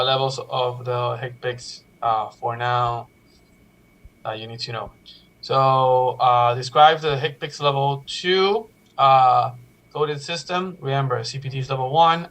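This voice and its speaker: Male instructor, live-streamed lecture, halting delivery with frequent fillers, mid-range voice. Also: medium pitch, vocal fry, fairly bright tone, low-quality recording. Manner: halting, many "uh" fillers and restarts. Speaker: medical coding instructor.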